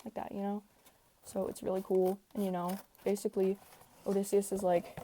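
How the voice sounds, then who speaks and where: A hoarse woman hosting a casual podcast, speaking quietly at home with lots of fillers as she recaps a story. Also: medium pitch, level tone, brisk, a little hiss or hum. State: hoarse, tired voice. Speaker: podcast host. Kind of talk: casual rambling recap rant. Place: home room.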